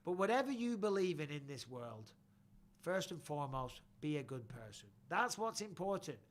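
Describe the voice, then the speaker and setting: A middle-aged man hosting a live chat, giving lively, sweary shout-outs in blokey banter. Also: on the high side, normal speed. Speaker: host.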